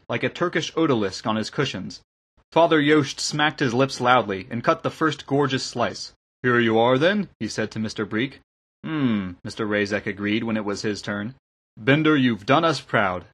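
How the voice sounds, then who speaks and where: A man reading an audiobook aloud in a measured, steady narration with a husky voice. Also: medium pitch.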